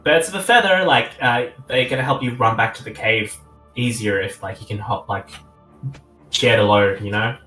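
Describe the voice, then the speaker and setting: A man narrating a tabletop game as game master, animated and giggly, with many fillers. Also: medium pitch, normal speed. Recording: roomy echo with faint music.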